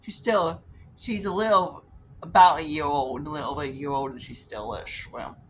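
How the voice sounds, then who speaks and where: A deep-voiced woman speaks at a normal speed as she does her makeup, chattily rambling through stories, acting out quoted voices and swearing now and then. She's a beauty vlogger, and slight background noise is audible.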